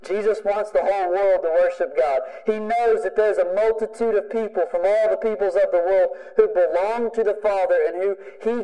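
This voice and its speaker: A male pastor delivering a sermon with emphatic, repetitive phrasing. His voice sits a bit high but sounds mellow and dark. It rings out with a long hall reverb, as in a church sanctuary. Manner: emphatic preaching with repeated phrases.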